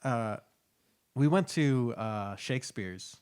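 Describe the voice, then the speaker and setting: A man's voice: medium pitch, animated, slow, a little mellow, clear, resonant tone. Laid-back man telling a story. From San Diego area, California. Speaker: podcast co-host. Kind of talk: casual chat.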